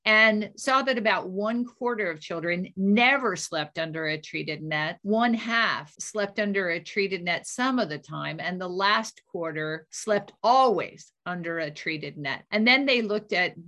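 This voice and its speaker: A woman co-hosting a weekly medical news podcast, explaining research findings in a measured, thoughtful way. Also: mid-range voice, sharp tone. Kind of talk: conversational medical news review.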